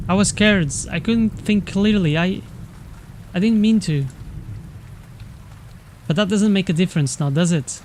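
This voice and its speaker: A man's voice: high-pitched, a little mellow, slight background noise. A man reading as a stammering remorseful teenage boy. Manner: halting, stammering, full of self-blame.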